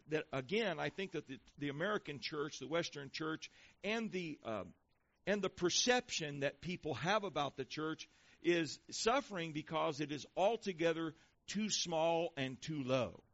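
A man preaching a sermon to a congregation, reading scripture slowly and with stress on each phrase. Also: fairly high pitch, animated, a bit bright. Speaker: pastor. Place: church before a congregation. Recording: dull lo-fi sound.

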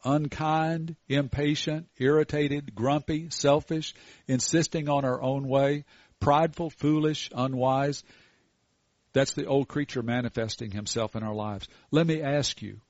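An older man preaching a sermon in a folksy, storytelling way with animated asides. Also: medium pitch, dry recording, highs cut off.

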